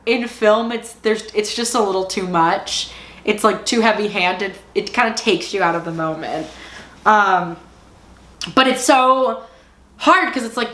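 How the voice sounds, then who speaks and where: A woman talks through a TV series in a loose, chatty recap. Her speech is full of "like," and she is openly invested. Her voice sits at an ordinary middle pitch and carries a roomy echo. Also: pushed and bright. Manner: emotionally invested, exclaiming. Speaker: TV show reviewer. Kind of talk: casual recap and review.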